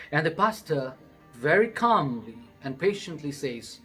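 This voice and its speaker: A man with an Indian English accent, a preacher calmly telling a story in a morning devotion. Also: on the high side, soft background music, poor audio. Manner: calm, measured storytelling with acted quotes.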